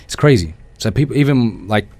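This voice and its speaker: A man's voice: fairly low pitch, animated, a little mellow. A man with an Australian accent chatting casually as a radio interview guest, telling rambling stories and acting out the people in them. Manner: fast, rambling storyteller who acts out quoted people. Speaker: guest, car rental business owner. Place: radio studio.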